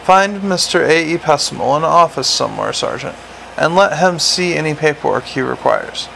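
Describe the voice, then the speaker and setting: In this audiobook, a man gives voice to a worn-out commander of the city watch who talks in clipped, dry, sardonic lines. The sound has a gravelly edge and sits slightly high for a man. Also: expressive, moderate pace, pushed and bright, a little hiss or hum, heavily acted, rough recording. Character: gruff weary male city watch commander. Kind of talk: audiobook character reading.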